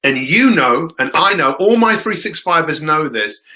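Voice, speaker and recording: A man's voice: on the high side, animated, normal speed, sharp tone, poor audio. A man hosting a live-streamed motivational show, greeting viewers by name and talking with lots of energy. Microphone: phone.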